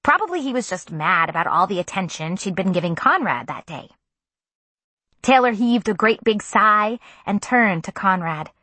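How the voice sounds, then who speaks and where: A woman narrating a first-person audiobook in a soft, gentle storytelling manner. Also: mid-range voice, no room sound.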